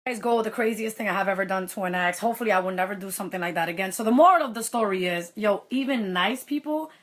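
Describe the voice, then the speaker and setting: A woman in her thirties telling a personal story in a casual vlog, animated and slipping into Spanish for quoted lines. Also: mid-range voice, fast talker.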